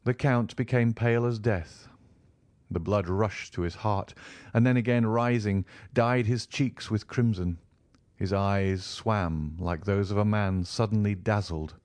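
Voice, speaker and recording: A man narrating a classic novel for an audiobook in a measured, expressive way. His voice is on the low side, and the recording is dry, close and free of room sound. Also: no room sound. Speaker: audiobook volunteer reader.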